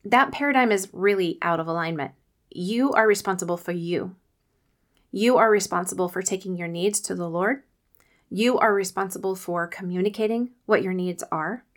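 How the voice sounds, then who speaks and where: A woman's voice: medium pitch, normal speed. A woman in her forties hosting a podcast, giving earnest, faith-based coaching advice. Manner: earnest, coaching, often acts out quotes. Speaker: podcast host.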